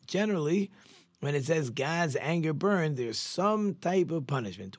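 A man who is a rabbi, giving a Torah lesson in an animated storytelling way, with sudden jumps in pitch and frequent conversational restarts. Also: no echo.

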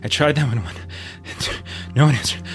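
A man voicing a gentle, panicked man running in terror, out of breath and stammering in a tabletop game. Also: mid-range voice, lively intonation, measured pace, soft background music, pitched above the performer's own voice, lightly acted. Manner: breathless, stammering, repeating himself.

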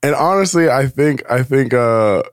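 A man's voice: mid-range voice, animated, unhurried, no echo, studio quality. A man hosting a casual podcast chat, laid-back and rambling, full of slang and restarts. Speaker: podcast host.

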